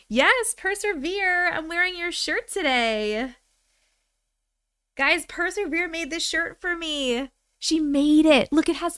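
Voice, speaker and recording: A woman hosting a casual livestream at home from her computer, greeting viewers one by one by name, sounding low on energy. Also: fairly bright tone, no echo, clean studio sound. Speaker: livestream host.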